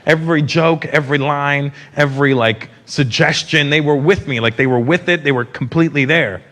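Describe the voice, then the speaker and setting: A North American man telling stories in a stand-up routine, chatty and animated, with asides to the audience. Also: on the high side, normal speed. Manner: conversational, animated storytelling with asides. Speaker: stand-up comedian. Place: theater stage before a live audience. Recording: live recording with loud crowd and room noise.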